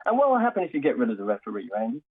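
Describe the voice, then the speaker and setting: A man calling in to a radio talk show, animated as he builds a long analogy. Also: mid-range voice, rapid-fire. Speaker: caller. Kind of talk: call-in radio chat. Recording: tinny phone line.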